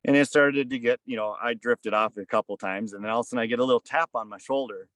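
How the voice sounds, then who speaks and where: A man guest on a podcast telling a story casually, rambling with many fillers and hushing his voice for quoted asides. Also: medium pitch, fast talker, dry recording, rough recording. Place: outdoors on a fishing boat.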